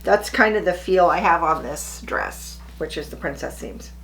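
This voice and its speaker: A woman's voice: fairly low pitch, lively intonation, normal speed, gravelly, slight background noise. A middle-aged woman chatting casually to camera as a sewing vlogger, chirpy and self-deprecating.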